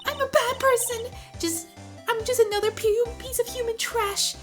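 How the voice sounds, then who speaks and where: A woman's voice: extremely high pitch, steady tone, normal speed, faint music behind, pitched above the performer's own voice. A woman reading the lines of a gloomy, self-loathing young woman from a game, in dramatic self-pity. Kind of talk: reading game dialogue aloud.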